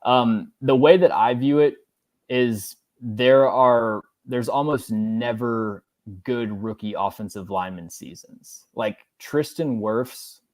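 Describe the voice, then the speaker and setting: A man on a podcast as a guest analyst, breaking down football plays in a casual, halting way full of fillers and restarts. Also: mid-range voice, a little mellow, dry recording.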